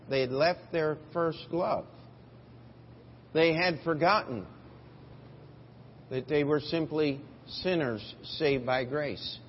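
High-voiced man preaching slowly. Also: big-room sound, lo-fi sound, slight background noise. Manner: emphatic preaching, rising for scripture quotes. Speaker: pastor. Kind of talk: sermon. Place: church sanctuary.

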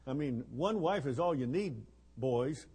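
Husky older man preaching folksy sermon. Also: mid-range voice, animated, measured pace, a little mellow. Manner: joking, rambling, with chuckles and fillers. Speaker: preacher at a missions conference.

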